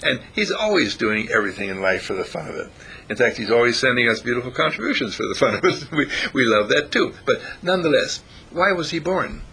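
A spiritual teacher talks informally to a small group, putting questions to his listeners and chuckling often. His mid-range voice is very animated, sharp, and a bit breathy, moving at a slightly fast clip.

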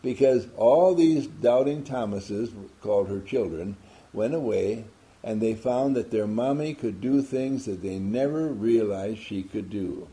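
A man's voice: on the low side, measured pace, mellow. A man giving an emphatic motivational talk to a group, asking many rhetorical questions. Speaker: motivational speaker.

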